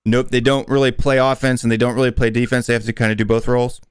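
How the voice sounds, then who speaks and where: A man's voice: mid-range voice, flat delivery, fast talker, clean tone, no echo, studio quality. An American man chatting casually as a guest, explaining at length with fillers and restarts. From United States. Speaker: guest football YouTuber. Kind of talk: casual interview chat.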